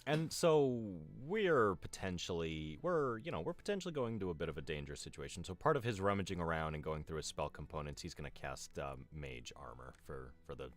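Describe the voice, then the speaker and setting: A man's voice: rumbling low, animated, fairly quick, hardly any pauses, soft background music. A man playing a tabletop game, chatting and explaining his character's actions with fillers. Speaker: player. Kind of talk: casual tabletop play.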